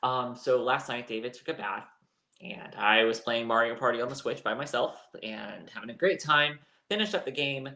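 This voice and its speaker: A man's voice: mid-range voice, normal speed, pushed and bright, echoey room. A man co-hosting a live chat show, telling a personal story in a candid, rambling way. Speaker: co-host. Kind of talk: casual chat.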